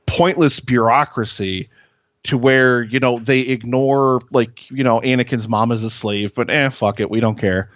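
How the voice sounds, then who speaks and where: A man's voice: mid-range voice, no room sound, dull audio. A man, a podcast guest, talking earnestly and enthusiastically and swearing casually.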